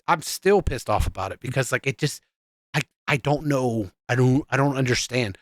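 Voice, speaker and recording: A man's voice: mid-range voice, expressive, fairly quick, fairly bright tone, no room sound. A man co-hosting a casual podcast, telling stories in an exasperated, profane, rambling way with many restarts. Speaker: podcast co-host.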